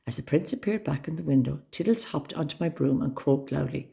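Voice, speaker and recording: A woman reading a children's story aloud with expressive, dramatic storytelling. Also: sits low, fairly quick, vocal fry.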